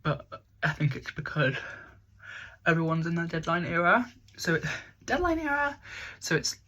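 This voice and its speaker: Young woman, bright crisp voice, rambling casual makeup chat, self-mocking, bedroom. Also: low voice, steady tone, moderate pace. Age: young adult. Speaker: makeup vlogger.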